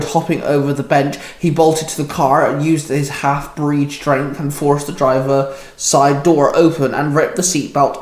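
Man reading a story in an echoey room. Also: mid-range voice. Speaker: fan fiction narrator. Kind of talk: storytelling narration.

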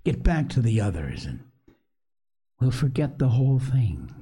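A man's voice: mid-range voice, sing-song, a little slow, dark tone, slightly rough, exaggerated voice. A man voicing a menacing talking pig's head that mocks a boy in a condescending, schoolmasterly way, read as an audiobook. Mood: mocking. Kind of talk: audiobook reading.

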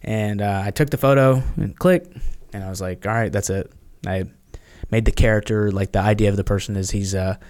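A man's voice: lowish voice, brisk, a little mellow, clean tone. A man, a podcast guest, telling stories in casual chat and acting out quoted voices, with many fillers.

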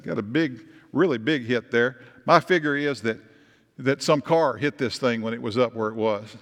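Male pastor, fairly high voice, chatty sermon, church hall reverb. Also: fairly bright tone. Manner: conversational, asks the congregation questions. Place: church sanctuary.

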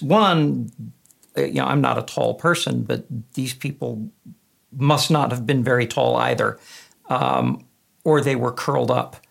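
A man co-hosting a podcast, telling an anecdote in an unhurried way with fillers. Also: medium pitch, vocal fry. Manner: unhurried storytelling with laughs and fillers. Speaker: podcast co-host. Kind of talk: casual anecdotal chat.

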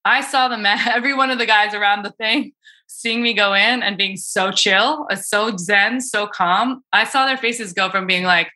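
A woman's voice: mid-range voice, normal speed, pushed and bright. A woman coaching on cold exposure, chatting casually with many fillers and restarts. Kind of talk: casual podcast conversation.

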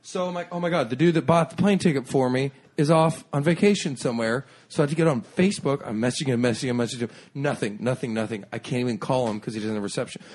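A male comedian tells a long misadventure as a podcast guest. His voice sits at an ordinary middle pitch, and he swears freely while he keeps acting out what everyone said. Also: fast talker, few pauses. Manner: animated, profane, acts out other people's lines.

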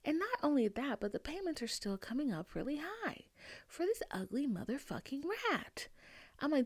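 Profane, animated woman telling a story. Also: on the high side, fairly quick, no echo. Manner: animated, profane and emphatic, with frequent rhetorical "okay?". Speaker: podcast host. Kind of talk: casual storytelling monologue.

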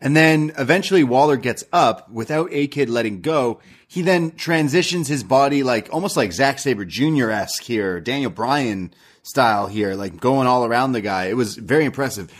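A man co-hosting a wrestling review podcast, speaking at an ordinary mid pitch. His talk is loose and rambling, full of fillers and small jokes. He gives his opinions in casual chat. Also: normal speed. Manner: rambling, jokey, many fillers.

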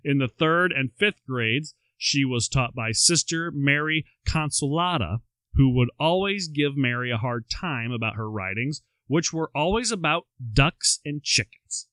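A man's voice: mid-range voice, lively intonation, measured pace, sharp tone, clean tone, dry recording. Brief: male podcast co-host, storytelling delivery, wry asides, dry close mic. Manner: reads quotes aloud with wry asides. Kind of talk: storytelling chat.

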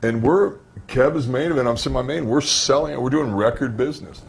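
A man's voice: medium pitch, fairly quick, creaky, husky. A man, a former pro wrestler, telling stories from his career in an interview and acting out the dialogue. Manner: animated storyteller who acts out quoted dialogue. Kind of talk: interview storytelling.

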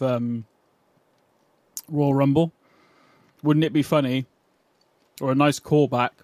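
A man's voice: medium pitch, a little mellow, no room sound. Man co-hosting a podcast, tag questions. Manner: thinks aloud with ums, ends on tag questions. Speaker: podcast co-host. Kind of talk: casual wrestling chat.

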